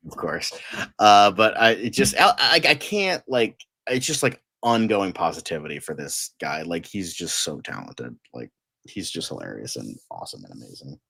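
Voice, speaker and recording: A man's voice: low-pitched, big pitch swings, moderate pace, vocal fry, pushed and bright, breathy edge, dry recording, clean studio sound. A man in casual chat, gushing and rambling with lots of fillers, tired and delirious late at night.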